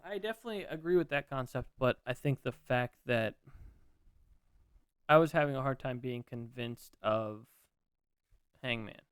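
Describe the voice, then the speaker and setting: A man co-hosting a podcast, chatting about wrestling in an excitable, jokey, rambling way. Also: medium pitch, normal speed, long pauses, smooth, no room sound, clean studio sound. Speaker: podcast co-host. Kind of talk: casual wrestling chat.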